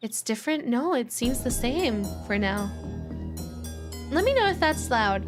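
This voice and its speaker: Lively young woman streamer. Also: fairly high pitch, measured pace, music in the background. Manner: animated, gasps and laughs often. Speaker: streamer voice-acting a visual novel. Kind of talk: casual live-stream chat.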